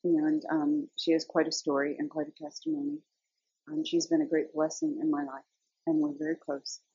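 An older woman with a husky, breathy, fairly low voice shares a rambling personal faith testimony, stopping often on little fillers. The recording is dry and a bit dull, like a modest lo-fi setup. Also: level tone, normal speed, mellow, no echo. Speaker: Bible study teacher.

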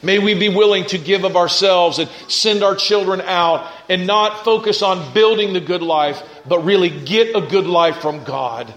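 A man preaching a sermon and leading a prayer as pastor, impassioned and climbing to high, fervent peaks. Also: moderate pace, hardly any pauses, a bit bright, rough recording.

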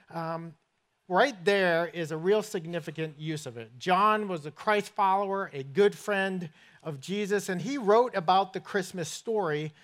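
A man's voice: high-pitched, a bit bright. A middle-aged man, a pastor, giving a sermon in a church with folksy, self-deprecating stories. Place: church sanctuary.

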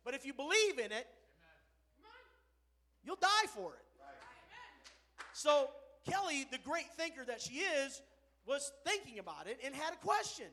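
Man preaching in a church, storytelling sermon that swells to fervent near-shouting, strikingly high voice with a sharp, bright edge. He keeps the story moving and leans hard on the punchlines of faith. The delivery is a pastor's own, not a performance. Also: very animated, a little slow, pauses often.

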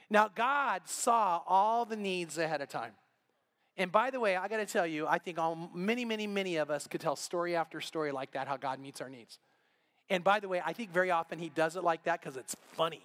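A middle-aged male pastor with a high voice delivers a sermon in a church, his storytelling animated as he acts out each person in the tale. He shifts into the characters' lines with energy. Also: brisk. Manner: animated storytelling, acting out dialogue.

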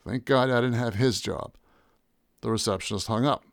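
A man narrating a first-person story in a wry, deadpan way. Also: mid-range voice, moderate pace, gravelly, no room sound, clean studio sound. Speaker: audiobook narrator.

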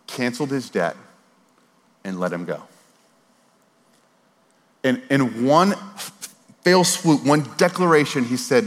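A man preaching a casual, conversational sermon, animated and informal with slang and repeated words, at times dropping to a soft, earnest voice. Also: medium pitch. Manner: drops to a soft, quiet voice for earnest moments. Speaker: pastor. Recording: long reverb of a large hall.

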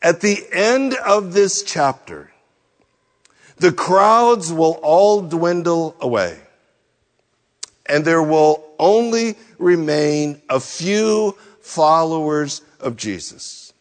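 A man delivers a sermon as pastor, in a fairly high voice. He speaks slowly and deliberately, piling up rhetorical questions and letting his phrases drop low at the ends. His voice carries a long reverb, as in a large church sanctuary. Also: lively intonation.

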